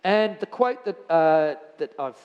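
A man's voice: a little high, expressive, a little slow, clean tone, dull audio. A man giving a conversational sermon in church, telling anecdotes with frequent restarts. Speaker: lay preacher. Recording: church hall reverb.

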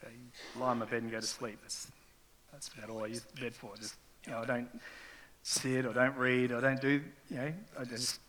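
In a church hall with the long reverb of a large room, a middle-aged pastor preaches a sermon built around a raw, emotional personal story that keeps rising in intensity. His mid-range voice is level, fairly bright, and moderately paced, with slight background noise.

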